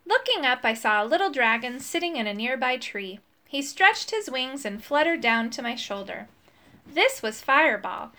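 A woman narrating a children's storybook in an expressive, storytelling manner. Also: on the high side. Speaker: audiobook narrator.

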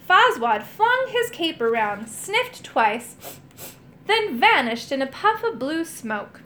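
A woman reading a children's storybook aloud in an expressive, animated way. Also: high-pitched, slow pace. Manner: animated, voices characters. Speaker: storybook reader. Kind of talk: expressive read-aloud narration.

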